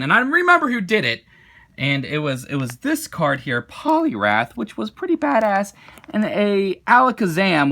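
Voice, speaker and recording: A young man from Maryland telling a casual vlog story, excitable and swearing a lot, his loudness swinging widely. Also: on the high side. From Maryland, USA. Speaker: vlogger. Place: childhood home.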